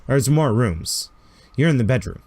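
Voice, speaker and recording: A man narrating a tabletop game as game master, lively and playful, with spoken sound effects. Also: mid-range voice, moderate pace, breathy edge, no echo.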